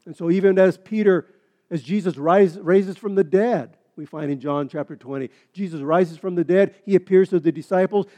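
A male pastor preaching a sermon, with frequent halting restarts that build into emphatic, rising delivery. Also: high-pitched, lo-fi sound.

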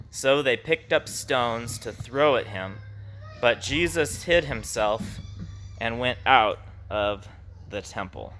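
Slow, bright-voiced pastor teaching. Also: male voice, medium pitch, animated, a little hiss or hum. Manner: conversational, with frequent restarts and chuckles. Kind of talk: informal Bible teaching to a congregation.

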